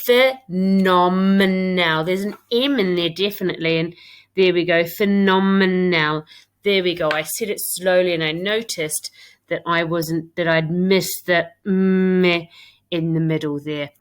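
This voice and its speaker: A woman's voice: on the low side, steady tone, moderate pace. A woman with a British accent, a primary school teacher giving a recorded English lesson to young pupils. She reads her own writing aloud and talks it through step by step.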